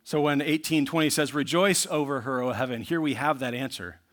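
A man preaching a sermon in an earnest way, going from low asides to loud bursts. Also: fairly quick. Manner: earnest preaching, rising to loud bursts when reading scripture. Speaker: pastor.

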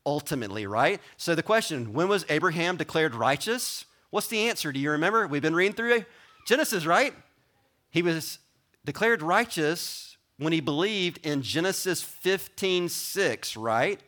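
Animated, bright-voiced preacher man. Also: a little high, unhurried. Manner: conversational, animated preaching with asides to the congregation. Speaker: pastor. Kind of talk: sermon.

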